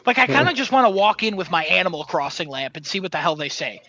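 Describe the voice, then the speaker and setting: A man's voice: high voice, big pitch swings, quick pace, sharp tone. A young man hosting a podcast, chatting casually and telling rambling, profane, jokey stories. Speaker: podcast host. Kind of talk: casual chat.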